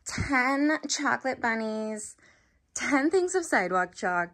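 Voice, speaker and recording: A woman in her forties, a mother of a large family, chatting casually and upbeat in a shopping vlog, listing items out loud. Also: a little high. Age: 40s.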